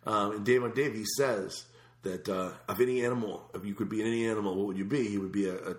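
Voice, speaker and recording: A man telling a story in casual podcast chat, animated and acting out the other people's lines, swearing casually. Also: fairly low pitch, fast. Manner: animated, acts out quoted voices, swears casually. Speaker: podcast host. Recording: roomy echo.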